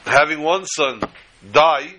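A man's voice: fairly high pitch, takes it slowly, bright, forceful tone, a little hiss or hum, low-quality recording. An older man teaching a Torah class, mixing teaching with jokes and storytelling asides.

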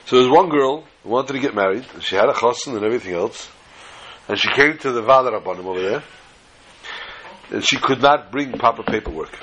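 A man's voice: medium pitch, fairly quick, a bit bright, muffled recording, slight background noise. Chatty male storyteller with digressions. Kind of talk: folksy storytelling with Yiddish phrases.

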